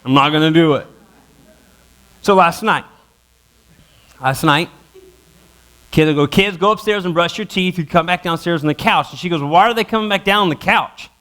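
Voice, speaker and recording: A male pastor in his thirties telling a funny family story in a sermon, self-mocking and acting out his kids and wife. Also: high-pitched. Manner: animated, self-mocking, acts out his family in quick voices. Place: church auditorium.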